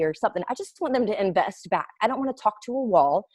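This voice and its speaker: A woman with a mid-range voice talks a little fast and barely pauses, with no room sound. She's a network marketing recruiter chatting animatedly with her team in a casual webinar, telling stories and slipping into playful quoted voices.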